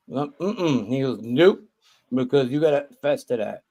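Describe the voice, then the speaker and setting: New guy on a video call, swears a lot, does everyone's voices in his story, middle pitch. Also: expressive, moderate pace, mellow. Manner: profane, acts out other people's lines. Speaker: guest. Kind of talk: casual storytelling.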